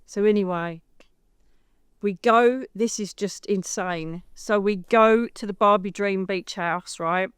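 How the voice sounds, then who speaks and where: English woman, middle-aged, animated storyteller, clear smooth voice, close dry sound, acts out quoted lines. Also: medium pitch, slow, no echo. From United Kingdom. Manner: lively, acts out quoted voices, says "darling". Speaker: psychic medium guest.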